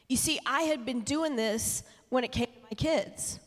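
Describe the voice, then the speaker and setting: A woman's voice: high-pitched, moderate pace, few pauses, fairly bright tone. A woman sharing candidly from the church platform, earnest and building in intensity as she preaches. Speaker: speaker at church. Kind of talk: sermon. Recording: long reverb of a church hall.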